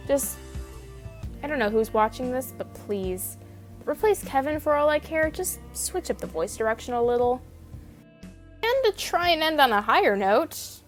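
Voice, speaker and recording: A young woman reads her video essay script with a high voice, wry and opinionated, swearing now and then. Soft music plays beneath her narration. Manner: opinionated, wry, casually profane.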